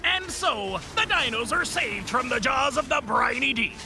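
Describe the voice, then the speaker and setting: A woman's voice: sits high, lively intonation, a little slow, music in the background. A woman giving scripted cartoon narration with playful cliffhanger questions.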